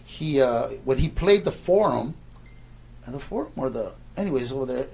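A man's voice: mid-range voice, animated, normal speed, vocal fry, a little mellow, husky. A man in his sixties casually telling a rambling anecdote, stammering and repeating words as he goes.

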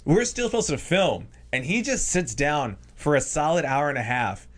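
A man's voice: on the high side, moderate pace. A man, a stage hypnotist and guest, telling funny stories in a casual chat and acting out the people in them. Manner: animated, acts out the people in his stories. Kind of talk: comedic storytelling in casual chat.

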